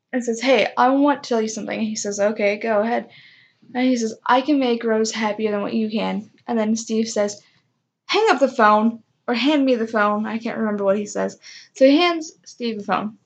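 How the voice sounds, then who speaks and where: A woman's voice: on the high side, normal speed, muffled recording. A young woman casually telling a personal story, self-mocking and acting out what others said. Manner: chatty, self-mocking, acts out quoted voices.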